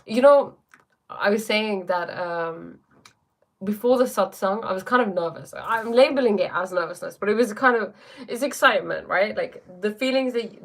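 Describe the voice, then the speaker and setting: A woman's voice: medium pitch, normal speed. A woman with an English accent, a spiritual teacher chatting casually on a live stream, reading viewer comments aloud and answering them. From England.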